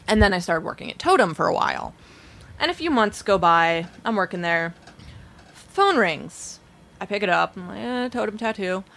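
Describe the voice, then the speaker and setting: A woman's voice: medium pitch, animated, normal speed, vocal fry, fairly bright tone. A young adult woman telling a story in casual chat, blunt and profane, acting out the people she quotes.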